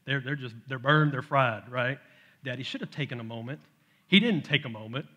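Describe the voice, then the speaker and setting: A middle-aged man preaching a sermon, telling a family story with lively acted-out voices. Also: mid-range voice, a little fast, muffled recording. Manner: animated storytelling, acts out his toddler's shouts. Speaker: pastor. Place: church sanctuary.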